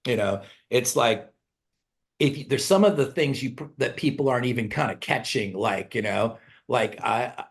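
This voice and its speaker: A man's voice: mid-range voice, normal speed. A middle-aged man, a rock singer, telling rambling stories in a casual interview, acting out quotes in raised voices and swearing freely. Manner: animated storyteller, acts out quotes in raised voices, laughs often. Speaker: songwriter and band singer, interview guest.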